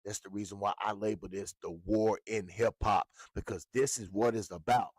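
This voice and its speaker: A man's voice: lowish voice, fairly even intonation, normal speed, no room sound, studio quality. A man ranting as a hip hop blogger, heated and profane, repeating himself for emphasis. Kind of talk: ranting commentary.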